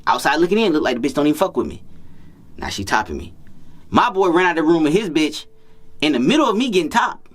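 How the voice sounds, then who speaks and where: A man's voice: a little high, big pitch swings, fast talker. A man working as a dating coach, telling a story in casual, profane street slang and repeating himself often.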